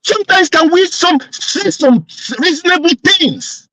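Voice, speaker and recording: Insistent high-voiced man arguing on a panel. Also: a little slow, a bit bright, no room sound, low-quality recording. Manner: insistent, argumentative, repeats himself. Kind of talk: heated online panel debate.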